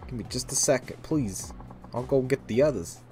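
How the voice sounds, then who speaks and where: A man's voice: medium pitch, lively intonation, normal speed, dark tone, faint music behind, natural voice. A man voicing a polite young male band leader in a video game who begs for help, earnest and pleading.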